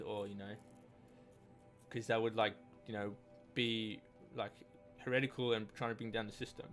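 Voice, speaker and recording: A man giving casual gameplay commentary, reading in-game texts aloud in a rambling, hesitant way with many restarts. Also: mid-range voice. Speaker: let's play gamer.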